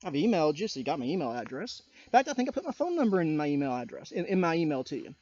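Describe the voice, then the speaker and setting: A man's voice: a little high, sing-song, racing, a little mellow, muffled recording. A man ranting on his vlog, indignant, calling people out by name and firing rhetorical questions at them. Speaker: YouTuber. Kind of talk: political rant vlog.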